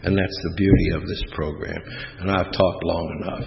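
A man's voice: low-pitched, steady tone, normal speed, gravelly. A man in his seventies giving a rambling, folksy personal testimony to a recovery group, with many fillers. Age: 70s. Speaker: speaker at a recovery meeting. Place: meeting room. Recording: echoey hall, dull lo-fi sound, faint hiss.

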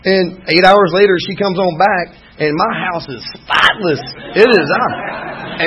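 A man's voice: high voice, moderate pace, fairly bright tone, a faint crowd. A man telling his own recovery story at a meeting, rambling and candid with wry humor. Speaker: speaker sharing at a recovery meeting. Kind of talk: personal recovery testimony. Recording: muffled lo-fi recording.

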